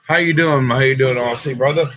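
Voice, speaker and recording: A man's voice: moderate pace, a bit bright. A man calling in as a guest on a live stream, earnest and sincere, swearing casually. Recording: muffled low-fi call audio.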